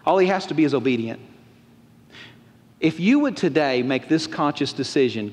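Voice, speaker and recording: A pastor preaching a folksy, animated sermon and acting out quotes. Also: male voice, mid-range voice, fairly quick. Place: church auditorium. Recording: long reverb of a large church hall.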